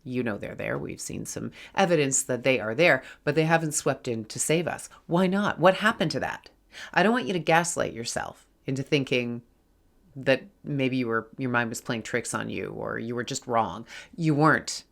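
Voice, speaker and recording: A middle-aged woman with a low voice talks straight to her viewers in a spiritual vlog. She sounds earnest and reassuring and keeps calling them her friends. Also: normal speed, vocal fry. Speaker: spiritual vlogger. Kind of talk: casual spiritual talk to camera.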